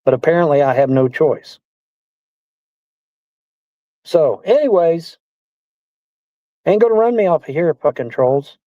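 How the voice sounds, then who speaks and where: With long pauses and a measured pace, a streamer vents in a fairly high, sing-song voice. His livestream rant is repetitive, profane and indignant, recorded as dull lo-fi audio with no room sound.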